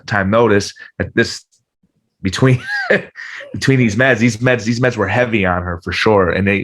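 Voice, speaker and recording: A man's voice: fairly low pitch, fairly bright tone. A man talking earnestly in a podcast conversation, often repeating words while he gathers his thoughts. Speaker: podcast guest. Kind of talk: reflective conversation.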